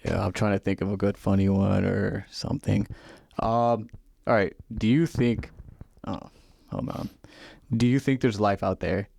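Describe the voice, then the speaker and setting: Male podcast interviewer, low and gravelly, relaxed question-asker, dry close mic. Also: a little slow. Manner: easygoing, asks open questions. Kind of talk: casual podcast chat.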